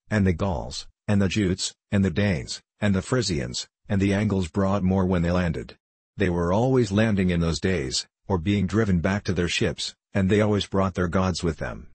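A man's voice: low-pitched, breathy edge, no echo. A man voicing an ancient, mischievous male hill sprite in an audiobook, wry and knowing, sometimes scornful. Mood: storytelling. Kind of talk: audiobook character reading.

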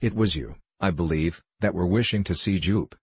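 A man's voice: low voice, moderate pace, husky, no echo. A man reading the part of a swaggering adult male circus horse-rider who talks bluntly, with circus slang.

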